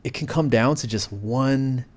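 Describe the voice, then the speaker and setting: A man's voice: medium pitch, a little slow. A man from the United States chatting animatedly as a guest in a casual interview, with frequent fillers.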